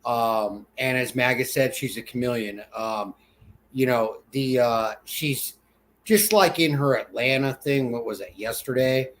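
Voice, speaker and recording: A man co-hosting a casual political chat, rambling and halting with many fillers and restarts. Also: mid-range voice, a bit bright. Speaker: podcast co-host.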